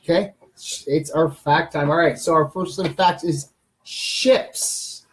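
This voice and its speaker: A man's voice: a little high, steady tone, unhurried, slight background noise. A man hosting a live chat show, reading trivia facts in a jokey way with fillers and restarts. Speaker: host.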